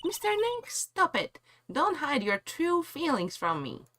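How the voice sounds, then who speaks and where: Excitable small girl, shrill and scolding, read by a man, bright tone. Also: a little slow, a little hiss or hum, full character voice. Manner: shrill, wide-eyed and scolding. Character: excitable little girl spirit medium. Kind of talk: reading game dialogue aloud.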